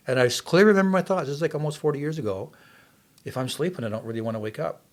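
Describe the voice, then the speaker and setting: Fast-talking older man telling his story. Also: mid-range voice. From Canada. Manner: earnest, animated storyteller. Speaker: podcast guest. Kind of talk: testimony in casual interview.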